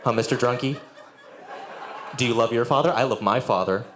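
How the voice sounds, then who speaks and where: A man's voice: medium pitch, brisk, a bit bright, slight background noise. Sardonic male stand-up comic. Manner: sardonic, crowd work with profanity. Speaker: stand-up comedian. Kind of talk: stand-up set. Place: live music venue with audience. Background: audience laughter.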